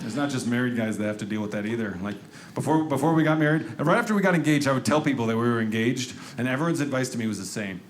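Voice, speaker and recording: A man doing a stand-up comedy routine on stage, telling sarcastic, deadpan stories and acting out the people in them. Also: medium pitch, quick pace, slight background noise. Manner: deadpan, sarcastic storytelling with acted-out quotes. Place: comedy club stage before a live audience. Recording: stage recording with loud audience laughter.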